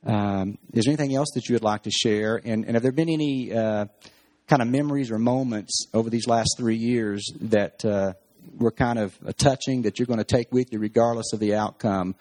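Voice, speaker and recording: A man leading a church service, talking gently with many pauses and fillers, interviewing a guest and then praying aloud. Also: mid-range voice. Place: church hall.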